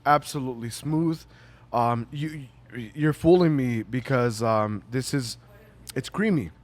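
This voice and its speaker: Male podcast host, beer-tasting chat, laid-back, measured, mid-pitched. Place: brewery taproom.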